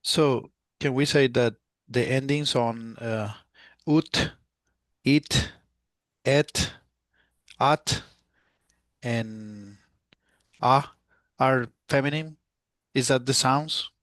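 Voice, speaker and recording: Male student, hesitant and slow-spoken, dry close sound. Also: medium pitch, fairly bright tone, no room sound. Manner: hesitant, tentative questions. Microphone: video call.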